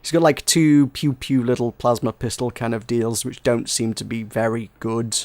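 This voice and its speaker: A man's voice: normal speed, dry recording. Laughing man telling game stories. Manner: animated storytelling, breaks into laughter, high-pitched playful quotes. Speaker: podcast co-host. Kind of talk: casual chat.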